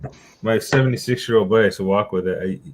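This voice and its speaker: Man, lowish voice, rambling, lots of likes and you-knows, easy chat. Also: rapid-fire, a little hiss or hum, low-quality recording. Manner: rambling, many fillers like "like" and "you know", laughs often. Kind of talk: casual chat.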